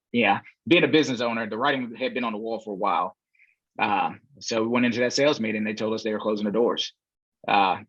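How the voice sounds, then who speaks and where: This podcast guest, a real estate investor, has a fairly low-pitched male voice. Chatting casually, he tells a lengthy story loaded with filler words and does the voices of the people he quotes, all in an easygoing way. The sound is dry, dull and lo-fi.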